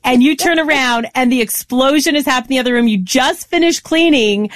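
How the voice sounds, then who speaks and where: A woman's voice: high-pitched, brisk. A woman hosts a casual chat, cutting in to affirm and stress a point. Her voice sounds dry and close, with no room echo. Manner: warmly affirming, emphatic, interjects.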